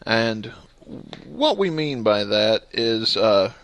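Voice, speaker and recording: A man's voice: lowish voice, sing-song, takes it slowly, a bit bright. A man hosting a casual podcast, joking and upbeat, with a lot of laughter. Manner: jokey and upbeat, laughs often. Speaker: podcast host.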